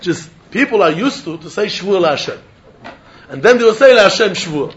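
A man's voice: sits high, very animated, brisk, lo-fi sound, a little hiss or hum. A man teaching a Talmud class, in a singsong study chant. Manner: singsong study chant, mixing English with Hebrew, Aramaic and Yiddish terms. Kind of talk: yeshiva-style Talmud lecture.

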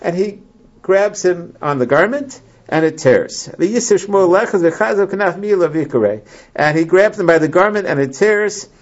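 A man with a fairly high voice teaches a Bible class to a small group. He reads each verse, then explains it with frequent restarts and fillers. The recording is muffled and lo-fi. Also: expressive. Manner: halting, many restarts, reads Hebrew verses then translates. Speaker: Torah teacher.

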